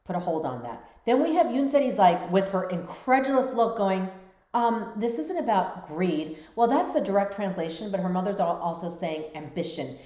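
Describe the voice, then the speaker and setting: A woman's voice: mid-range voice, lively intonation, brisk, few pauses. Woman host with a roomy echo. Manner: warm, reflective, often asks "right?". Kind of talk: mental health commentary on a drama.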